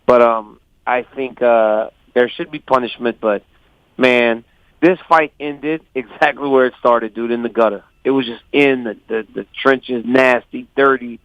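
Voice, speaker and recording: A man calling in as a guest fighter, telling stories animatedly and quoting others in lively voices. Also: mid-range voice, unhurried, clean tone, no room sound. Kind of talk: casual phone interview. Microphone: phone call. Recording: dull lo-fi phone line.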